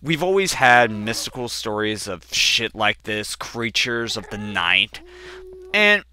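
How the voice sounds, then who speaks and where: Bright-voiced young man telling a story. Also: on the low side, very animated, slow pace, clear, resonant tone. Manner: rambling storyteller, swears casually, jumps to loud outbursts. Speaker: gaming channel host. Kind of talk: casual let's play commentary.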